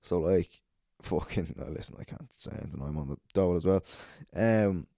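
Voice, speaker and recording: A man's voice: low voice, fast talker, gravelly, dark tone, smooth, dry recording, studio quality. A young man, a comedian hosting his podcast alone, telling gig stories in a profane, casual monologue and laughing at his own anecdotes.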